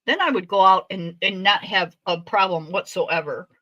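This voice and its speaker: A woman's voice: mid-range voice, moderate pace, no room sound, dull audio. A middle-aged woman hosting a casual chat, telling a story with lots of laughter and free swearing. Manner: animated, laughing often, swearing freely. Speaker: host.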